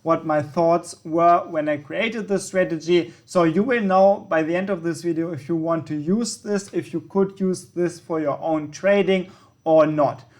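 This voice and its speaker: A man's voice: on the high side, steady tone, unhurried. Casual man hosting a trading tutorial. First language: German. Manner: casual, self-correcting with frequent ums and yeahs. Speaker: trading channel host. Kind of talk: screen-recorded tutorial walkthrough.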